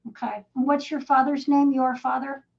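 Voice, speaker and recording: A woman's voice: high voice, steady tone, normal speed, gravelly, a little mellow, muffled recording. A woman psychic medium giving a live reading, asking probing questions and calling the sitter darling and sweetheart.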